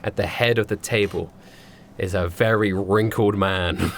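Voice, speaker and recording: A man's voice: fairly low pitch, steady tone, a little slow, a bit bright, a little hiss or hum. Man narrating a tabletop game. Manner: casual, rambling with fillers. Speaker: game master.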